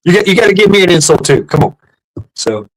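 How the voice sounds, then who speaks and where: A middle-aged man chats loosely on his livestream, cursing, stumbling over repeated words and laughing. His voice is somewhat high and swings widely in pitch as he talks. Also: rough recording. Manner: profane, rambling, laughs often, repeats words. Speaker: livestream host. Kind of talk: casual livestream chat.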